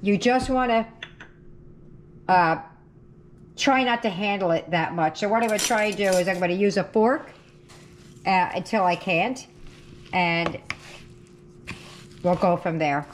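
This woman, who runs a cooking channel, chats and corrects herself as she cooks in her kitchen, with frying and sizzling behind her. She speaks in a mid-range voice at a measured pace, leaving long pauses. Slight background noise can be heard.

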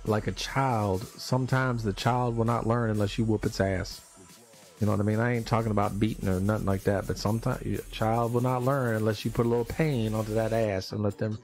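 A man's voice: on the low side, a little mellow. A man hosting a casual live stream, talking in an emphatic, fired-up rant.

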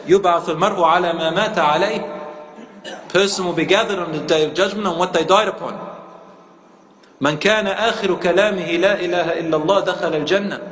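Before a live audience, a man gives an Islamic lecture that is interactive, pairing a story with questions to listeners and sprinkling in Arabic. His voice is slightly high and a bit bright, and the hall's echo and faint ambient noise come through.

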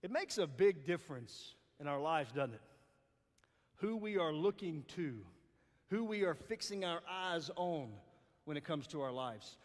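High-voiced Southern man preaching in a hall. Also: expressive, unhurried. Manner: playful, joking, calls out to the crowd. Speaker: guest speaker. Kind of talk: lively chapel sermon. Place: large hall. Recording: long hall reverb.

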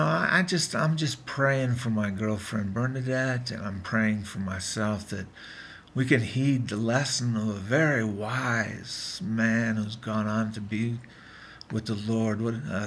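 Speaking with vocal fry in a low-side, fairly bright voice, a fiftysomething man makes a casual video diary in his apartment. He's earnest and rambling, often interrupting himself and restarting, and faint background noise can be heard.

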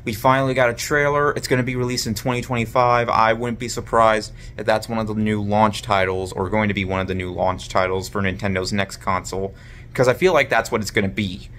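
A man's voice: on the low side, steady tone, brisk, a bit bright, a little hiss or hum. A man chatting casually in a monthly vlog, rambling with lots of fillers and restarts. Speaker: vlogger.

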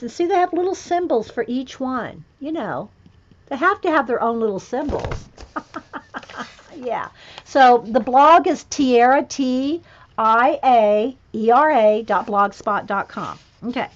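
This livestream host is a woman with a slightly high voice, chatting casually with viewers as she flips through a coloring book. She chuckles often, spells words aloud, and checks how they're pronounced, all over muffled, lo-fi audio.

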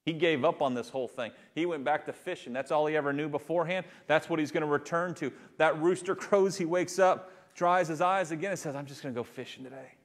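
A male pastor delivering a sermon, telling a story with animated delivery and building to fervent emphasis. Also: on the high side, brisk, hardly any pauses.

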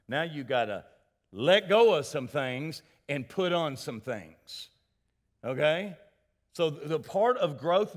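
A male pastor preaching a sermon in a church sanctuary, animated, calling for responses and addressing people by name. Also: on the high side.

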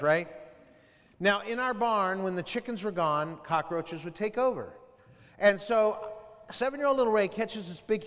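A middle-aged man with a notably high voice addresses a room of students in a lively, storytelling way, quizzing them and acting out sounds. His voice carries long reverb from a large school hall. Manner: storytelling, asks the audience questions, mimics sounds. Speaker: school assembly speaker. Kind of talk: animated talk to students.

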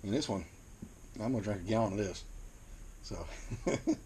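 Plain-spoken American man, low voice. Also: animated, a little mellow, breathy edge. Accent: Mid-Atlantic American. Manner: plain-spoken, unhurried, repeats words while searching for them. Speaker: beer reviewer. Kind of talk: casual video review.

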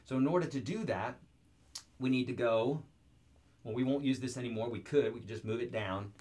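A man's voice: mid-range voice, a little fast, darkish tone. A man teaching guitar chords in an online video lesson, upbeat and joking as he talks straight to the viewer.

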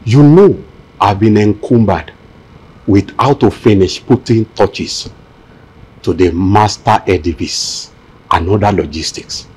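A man acting as a pompous church leader who waves off his son-in-law's grief. His voice is deep and husky, and his delivery is dismissive and self-important. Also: slow pace, darkish tone. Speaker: father-in-law, a church leader. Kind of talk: Christian film drama acting.

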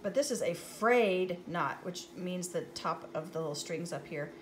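A woman's voice: fairly low pitch, animated, normal speed, background noise. A woman reading a picture book aloud to children, playful and chatty, laughing at the jokes as she goes.

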